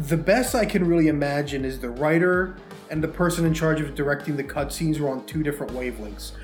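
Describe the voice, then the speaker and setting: A man co-hosting a podcast in casual, rambling chat, with many fillers. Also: on the high side. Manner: rambling, chatty, lots of fillers. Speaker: podcast co-host. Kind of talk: casual chat about movies and games. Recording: echoey room with faint music.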